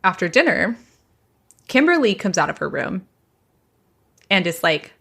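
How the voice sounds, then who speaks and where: A woman's voice: lowish voice, gravelly, slightly rough. Woman host retelling gossip. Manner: animated retelling, quoting people in quick asides. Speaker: podcast host telling a gossip story. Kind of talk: casual storytelling chat.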